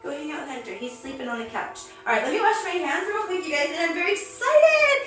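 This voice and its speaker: A bubbly woman hosts a casual live stream from home, greeting viewers by name and cooing at her cat. Her voice sits high and swings widely. The room is echoey, with faint music underneath. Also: big pitch swings, quick pace, fairly bright tone.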